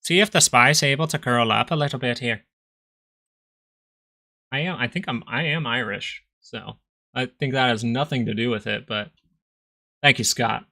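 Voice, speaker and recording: At medium pitch and normal speed, a young man hosts a live stock market stream in a gravelly, sharp voice, pausing often. He gives casual, rambling chart commentary and jokes around with viewers.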